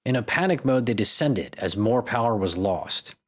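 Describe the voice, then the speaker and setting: A man's voice: mid-range voice, lively intonation, moderate pace, a bit bright. A male podcast host with a mid-range voice, narrating stories and breaking in with crude, jokey asides. His delivery is casual, irreverent and comedic.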